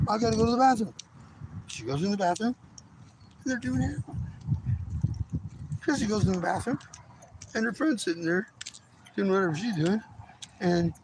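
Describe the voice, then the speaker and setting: A man's voice: high-pitched, expressive, unhurried, long pauses. A man telling a personal testimony in a rambling, profane, casual way, acting out the voices of people in his story. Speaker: guest sharing a testimony. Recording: noisy background.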